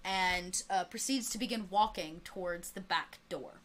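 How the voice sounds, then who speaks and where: A woman's voice: on the low side, fairly bright tone, a little hiss or hum. Chatty woman game master narrating. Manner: chatty, with many fillers and restarts, quick asides.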